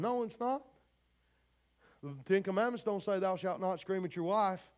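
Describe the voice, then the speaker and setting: High-voiced preacher man, fervent and folksy. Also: normal speed, long pauses. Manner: fervent, folksy preaching that addresses the congregation directly. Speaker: pastor. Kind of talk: sermon. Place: church service before a congregation.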